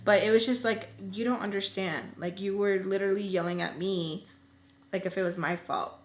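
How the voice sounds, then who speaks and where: A young woman vlogger telling a long story in casual chat, animated and full of "like", acting out angry phone calls. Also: mid-range voice, moderate pace. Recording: echoey room, faint noise.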